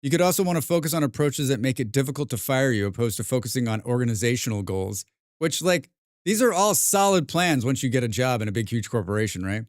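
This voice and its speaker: A man's voice: mid-range voice, very animated, fast, no echo, studio quality. An American man chatting casually while streaming a game, rambling and swearing with self-mocking asides. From United States.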